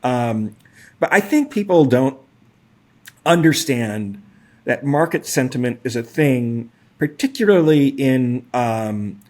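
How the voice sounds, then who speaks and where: A man's voice: medium pitch, expressive, slow pace, a little mellow. A man in his forties co-hosting a podcast, talking through data in a casual, hedging way with lots of fillers and a wry edge. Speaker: podcast co-host. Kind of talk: casual analytical chat.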